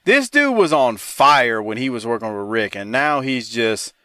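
A man's voice: medium pitch, very animated, normal speed, sharp tone, dry recording, clean studio sound. A man hosting a podcast in casual chat, laughing and swearing freely. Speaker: podcast host.

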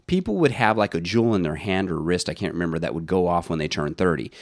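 A man's voice: deep voice, expressive, quick pace, dry recording, studio quality. A man co-hosting a podcast in casual chat, rambling and searching for names with lots of fillers. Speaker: podcast co-host.

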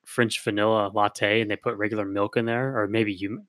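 A man's voice: fairly low pitch, level tone, a little fast, fairly bright tone, dry recording, clean studio sound. A man co-hosting a podcast, chatting casually and joking. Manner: joking, playful. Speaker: podcast co-host. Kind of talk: casual chat.

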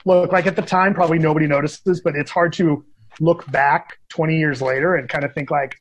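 A man on a podcast as a guest critic, talking casually and opinionated in animated rants. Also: a little high, a little fast.

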